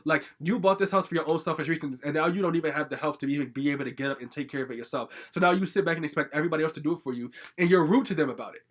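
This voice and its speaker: A young storytime vlogger rambles through a personal story in a casual monologue, agitated and venting. His voice is a little high and racing, with hardly any pauses, and he fills it with "like" and swearing.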